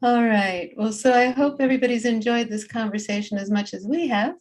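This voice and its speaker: A woman's voice: on the high side, fairly quick. A woman co-hosting a meditation session, speaking thoughtfully with many "you know" fillers. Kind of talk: casual chat.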